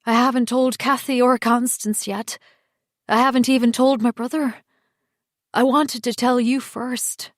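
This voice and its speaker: A woman's voice: fairly high pitch, fairly even intonation, measured pace, dry recording, studio quality, pitched above the performer's own voice, close to an everyday voice. Daniel, a torn pleading man, read by a woman. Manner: emotional, pleading, raised.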